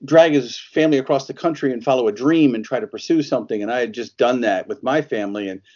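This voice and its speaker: Man, actor guest, casual interview, storytelling, frequent laughter, middle pitch, muffled recording. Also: fast, a little mellow. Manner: chatty storyteller, laughs often, acts out quotes.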